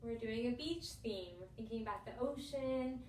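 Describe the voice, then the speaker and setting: A woman teaching yoga to children, calm and encouraging, slowing down to guide their breathing. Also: a little high, slight background noise. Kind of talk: gentle guided instruction for children. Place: indoor room with a yoga mat. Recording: echoey room, voice a bit far from the mic.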